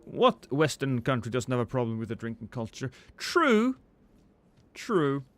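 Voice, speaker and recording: A man's voice: mid-range voice, a little fast. A man streaming a game live, chatting with viewers in a rambling, joking, self-deprecating way.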